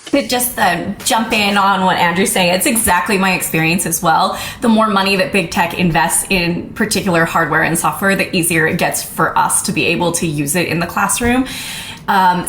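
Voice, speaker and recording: A woman on a panel talk, explaining in an engaged, conversational way. Her voice carries a roomy echo, with a faint rumble underneath. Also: a bit bright. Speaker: assistant professor, panel guest. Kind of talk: casual panel discussion.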